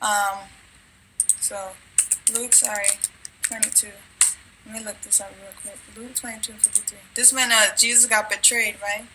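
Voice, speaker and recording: A woman's voice: medium pitch, flat delivery, moderate pace, long pauses, heavy background noise. A woman telling a religious dream in a rambling, casual way, with restarts, and at times reading scripture aloud. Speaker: religious video maker.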